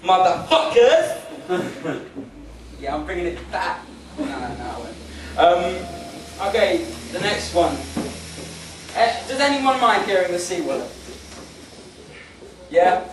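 A man's voice: sits high, very animated, slow, pauses often. A young man from England compèring a live comedy night in a pub, joking with and teasing the crowd. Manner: jokey, self-mocking, banters with the crowd. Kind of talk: stand-up compèring. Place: pub function room, live audience. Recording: echoey room from far off. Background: room noise, crowd murmur.

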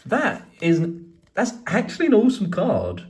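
A man chatting casually as he opens card packs, swearing and rambling excitedly. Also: high-pitched, moderate pace. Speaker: card collecting YouTuber. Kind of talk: casual pack-opening vlog.

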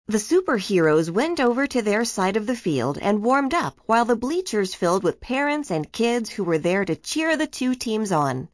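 A woman reading a children's storybook aloud in an expressive storytelling way. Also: medium pitch, normal speed, few pauses, no echo. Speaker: narrator. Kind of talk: children's book read-aloud.

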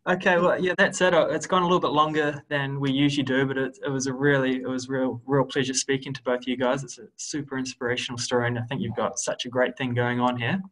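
A man's voice: medium pitch, level tone, fast talker, few pauses, fairly bright tone, rough recording. A man hosting a webinar, asking questions and wrapping up in a friendly, upbeat way. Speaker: webinar host.

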